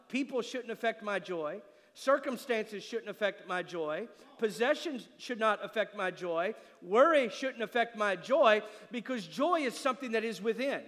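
High-voiced man preaching in an echoey hall. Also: fairly bright tone. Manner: emphatic preaching, asks the congregation "Amen?". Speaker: pastor. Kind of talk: sermon with live demonstration. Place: church sanctuary.

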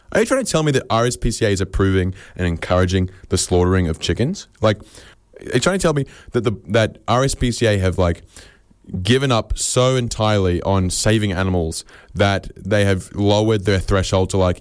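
An Australian man in his twenties or so, hosting a comedy podcast and rambling through deadpan absurd bits, acting out quoted voices. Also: fairly low pitch, dry recording, studio quality. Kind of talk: rambling comic monologue.

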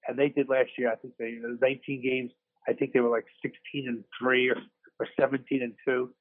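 Through a tinny phone line, a podcast co-host chats casually about sports from the hospital where he's had surgery. His mid-range voice keeps a level tone at a fairly quick pace while he rambles, restarts and mocks himself.

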